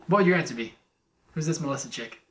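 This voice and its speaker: A young man hosting a casual podcast chat, upbeat and quick to laugh, reading listener mail aloud. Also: on the high side, pushed and bright, a little hiss or hum. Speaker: podcast host.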